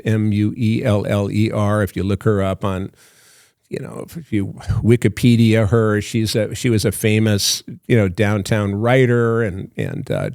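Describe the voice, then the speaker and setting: Gravelly older man telling a story. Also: on the low side, darkish tone, dry recording, studio quality. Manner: rambling, halting with many fillers, acts out phone calls. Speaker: podcast guest. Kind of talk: casual storytelling.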